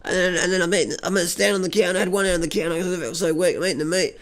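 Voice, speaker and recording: A man's voice: high-pitched, very fast. An Australian man delivering a rambling comic monologue, stammering over repeated words, swearing a lot and bragging with a straight face. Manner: stammering repetitions, heavy swearing, deadpan bragging. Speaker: comic vlogger.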